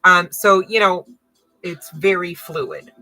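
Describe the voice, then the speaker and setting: A woman reading tarot cards for her viewers. Her voice is bright and a little low, and she thinks aloud and gets carried away with excitement. Faint music plays behind her. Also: slow, rough recording. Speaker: tarot reader.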